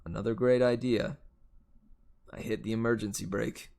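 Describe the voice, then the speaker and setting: A man reading a novel aloud, with steady first-person narration. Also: fairly low pitch, moderate pace, gravelly. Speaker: audiobook reader.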